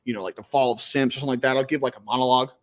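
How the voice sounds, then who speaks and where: A man hosting a casual livestream, his voice sitting at an ordinary middle pitch. He rambles loosely from point to point, dropping crude jokes along the way. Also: fairly even intonation, very fast. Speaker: livestream host.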